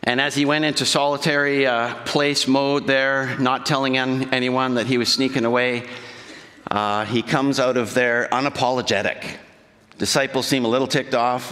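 This pastor's voice is mid-range and sharp, moving at a moderate pace as he preaches conversationally and questions his congregation. The recording carries the long reverb of a church sanctuary.

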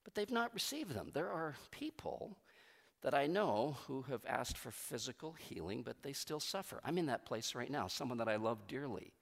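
A middle-aged man preaching a sermon as pastor, conversational and animated, swinging between loud emphatic bursts and quiet, soft passages. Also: medium pitch, moderate pace, creaky. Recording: long hall reverb.

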